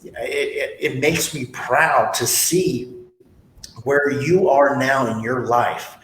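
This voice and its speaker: A man's voice: slow pace, fairly bright tone. A man hosting a podcast interview, talking bluntly and motivationally with stories from his own life. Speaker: podcast host, sales trainer. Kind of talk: casual interview talk. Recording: echoey room with faint rumble.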